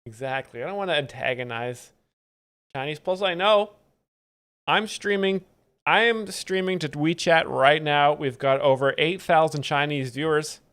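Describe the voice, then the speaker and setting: A man hosting a live comedy stream, giving casual, sardonic, deadpan commentary. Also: on the high side, normal speed, smooth.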